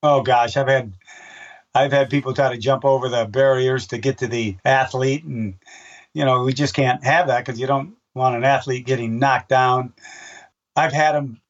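A man's voice: mid-range voice, steady tone, moderate pace. Older man rambling through stories, distant. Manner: rambling, with many restarts and fillers; acts out voices in his anecdotes. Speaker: race announcer. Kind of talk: casual interview storytelling. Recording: dull, distant-sounding recording.

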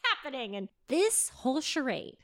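A woman casually telling a history story to a co-host, animated and laughing often. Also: on the high side. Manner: animated, laughing, acting out characters in quick asides.

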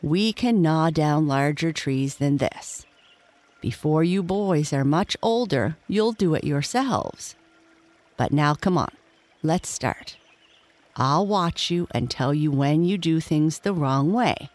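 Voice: mid-range voice, lively intonation, slow pace. A reader doing a patient father beaver. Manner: instructive, patient. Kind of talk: bedtime storybook reading.

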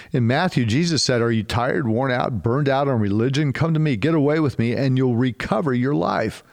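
Man preaching a casual, animated sermon. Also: mid-range voice, normal speed. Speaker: pastor.

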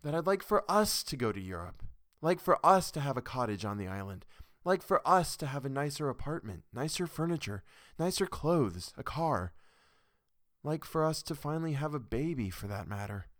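A man's voice: fairly high pitch, big pitch swings, moderate pace, fairly bright tone, no room sound, clean studio sound, pitched above the performer's own voice. A man reading a story, voicing an anxious, persistent young wife who pleads her case. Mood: insistent. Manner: pleading, insistent, defensive. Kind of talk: audiobook character reading.

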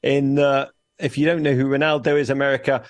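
A man's voice: medium pitch, flat delivery, brisk. A man with a Liverpool English accent, a radio show guest talking soccer in a wordy, jokey, exuberant way. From Liverpool, England. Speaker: guest, soccer podcast co-host. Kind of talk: animated radio interview chat.

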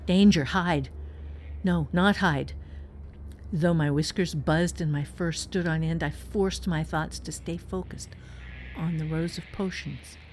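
A woman reading a short story aloud in first person, tense with hushed passages. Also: deep voice, fairly even intonation, a little slow, slight background noise. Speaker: narrator. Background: faint background music.

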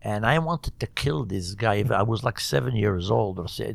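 An older man from Morocco, a cantor being interviewed, telling stories in a halting, earnest way with many restarts. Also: lowish voice, lively intonation, vocal fry, dry recording. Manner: halting, repeats and restarts words, warm and earnest. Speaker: cantor, guest. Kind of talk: conversational storytelling interview.

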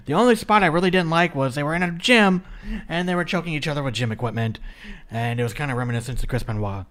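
A man co-hosting a casual wrestling podcast, profane and animated, ribbing wrestlers and slipping into mocking voices. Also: a little high, fast. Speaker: podcast co-host.

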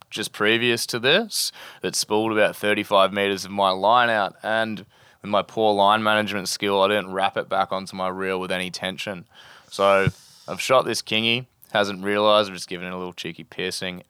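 A man's voice: low-pitched, sharp tone, smooth, no echo, studio quality. A young Australian man telling a spearfishing story as a podcast guest in a laid-back, slangy way, swearing freely. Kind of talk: casual storytelling.

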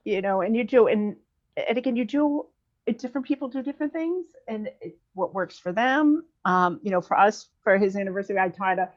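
Through dull, lo-fi audio, a woman in her thirties talks openly as a podcast interview guest. Her mid-range voice is animated and brisk, and her answers wander with plenty of fillers and false starts.

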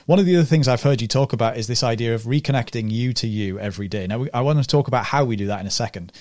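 Male podcast host, rapid enthusiastic delivery, dry close-miked sound. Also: medium pitch, darkish tone, no room sound. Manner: fast, rambling, enthusiastic with restarts. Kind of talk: interview podcast chat.

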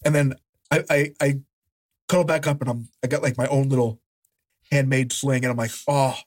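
A man co-hosting a podcast, telling a story in a lively, animated way, acting out voices and laughing as he goes. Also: mid-range voice, moderate pace. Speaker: podcast co-host. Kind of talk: casual storytelling chat.

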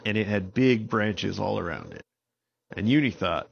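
Brief: relaxed male storyteller, low and unhurried, dull home recording. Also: gravelly, husky. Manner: relaxed, unhurried, with small restarts. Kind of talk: improvised bedtime storytelling.

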